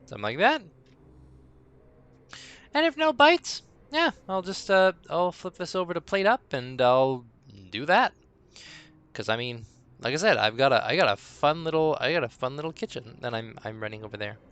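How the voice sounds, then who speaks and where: A man's voice: fairly high pitch, animated, fairly bright tone, smooth, no room sound, highs cut off. A man streaming live as dungeon master, rambling and talking to himself while he waits for viewers. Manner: rambling, talks to himself between pauses. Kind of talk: casual live-stream chatter.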